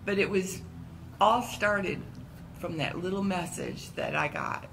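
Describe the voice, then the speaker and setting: Animated low-voiced woman telling a story. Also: a little slow, vocal fry, a little hiss or hum, poor audio. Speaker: church member. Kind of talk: casual storytelling. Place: church room, round table discussion.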